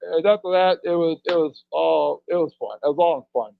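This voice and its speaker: A man's voice: on the high side, normal speed, gravelly. A middle-aged man, a pro wrestler as podcast guest, telling rambling anecdotes and chuckling between lines. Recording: dull, dry lo-fi audio.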